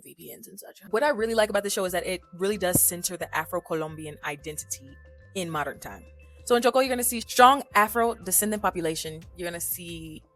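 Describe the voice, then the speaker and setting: A young adult woman chats through a casual language-learning vlog at a middle pitch. She sounds animated and talkative, laughs easily and drops into little put-on voices now and then. Soft music plays faintly behind her. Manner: animated and chatty, laughs often, quotes people in put-on voices.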